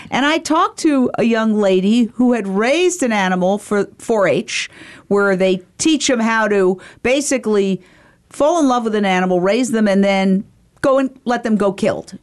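A woman's voice: medium pitch, expressive, normal speed. Woman host, upbeat interviewer, asks leading questions. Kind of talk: talk show interview.

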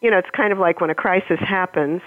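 A woman author in an interview, speaking thoughtfully with halting pauses, then reading aloud from her own novel. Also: on the low side, no echo. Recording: tinny phone line.

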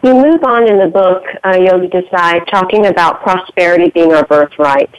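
A woman with a lowish voice hosts a radio interview and asks long questions in a measured, careful way. The sound is dry and slightly dull, like older lo-fi radio. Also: no room sound.

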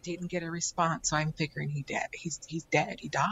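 A woman's voice: low-pitched, flat delivery, brisk, fairly bright tone, highs cut off, a little hiss or hum. A woman telling a personal story as a psychic guest, acting out voices and repeating phrases for effect. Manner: dramatic, acts out quotes, repeats phrases. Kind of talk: animated storytelling in conversation.

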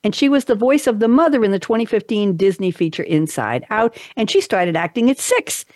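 A chatty woman host in easy talk show banter, upbeat as she runs through trivia with quick asides. Her voice sits in a middle range and sounds close and dry. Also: medium pitch, lively intonation, a little mellow, no room sound. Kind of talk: casual talk show chat.

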